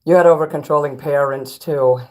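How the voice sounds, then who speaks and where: A man's voice: on the high side, steady tone, fairly quick. A man from Chicago chatting on a livestream, reading out chat messages and eating snacks between rambling, blunt remarks that carry the odd curse. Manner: rambling, blunt, swears freely; talks while eating snacks.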